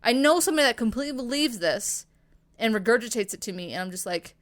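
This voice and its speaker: A woman in her thirties co-hosts a podcast in loose, rambling chat. Her voice sits a little high for a woman. She fills her talk with "like" and casual swearing. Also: expressive, fast. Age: 30s. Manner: chatty, rambling, swears, lots of fillers. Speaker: podcast co-host.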